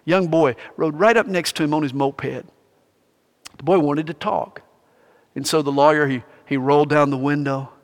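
A male pastor preaching a sermon, telling stories with animated energy. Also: on the high side, normal speed, long reverb tail.

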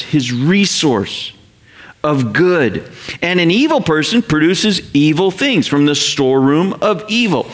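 A man preaching a sermon, slowing down to read scripture and speeding up in quick explanatory asides. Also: sits high. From North America. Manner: animated, quotes scripture slowly, paraphrases in quick asides. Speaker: pastor.

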